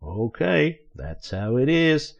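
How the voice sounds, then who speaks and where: A man's voice: mid-range voice, sing-song, slow pace, vocal fry, dull audio, voice pushed up, heavily acted. A man voicing a filthy old backwoods bait-shop man who hollers and drawls menacingly in a twang.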